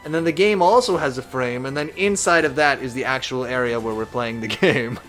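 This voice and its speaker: A man's voice: medium pitch, a little fast, faint music behind. A man live-streaming a strategy game, chatting casually and reading viewer messages aloud. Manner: reads chat aloud, chatty and animated.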